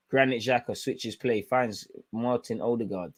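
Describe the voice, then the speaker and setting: A man's voice: medium pitch, dry recording. Blunt, slangy young man. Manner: frustrated, blunt, slangy running commentary. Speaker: football fan channel host. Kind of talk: live match watchalong commentary.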